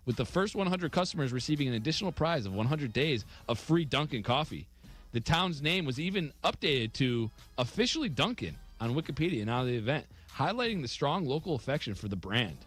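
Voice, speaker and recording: A man's voice: mid-range voice, fairly bright tone. A man co-hosting a radio show, reading offbeat news stories aloud and chuckling at them.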